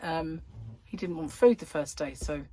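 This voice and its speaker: A chatty woman vlogging and telling jokes, laughing as she goes. She talks at an unhurried, slow pace. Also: low-pitched, warm tone, husky. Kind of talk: casual chat. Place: in a van.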